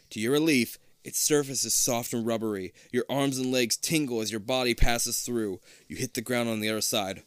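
A man reading a storybook aloud in a casual, animated way, tossing in jokey asides. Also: mid-range voice, normal speed, few pauses, smooth, dry recording, studio quality. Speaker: reader.

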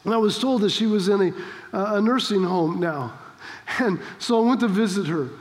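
Fervent high-voiced male preacher. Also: normal speed, in a large hall. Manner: fervent, exhorting, with storytelling asides. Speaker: pastor. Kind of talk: sermon.

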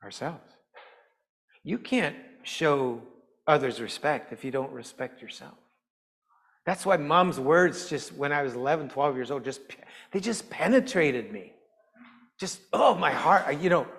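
Lively lay preacher, man, high pitched, lots of rhetorical questions, church hall echo. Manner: animated, folksy, asks the room questions. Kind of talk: intergenerational church teaching. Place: church sanctuary.

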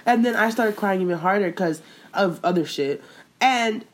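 A young woman co-hosting a casual chat, telling a story in lively slang with lots of swearing. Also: mid-range voice, moderate pace.

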